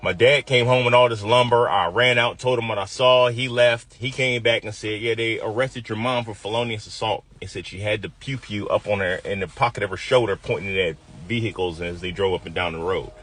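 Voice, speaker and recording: Husky Midwestern man telling his story. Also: fairly low pitch, fairly even intonation, a little fast, hardly any pauses, fairly bright tone. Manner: vivid, acts out quoted voices. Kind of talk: personal storytelling.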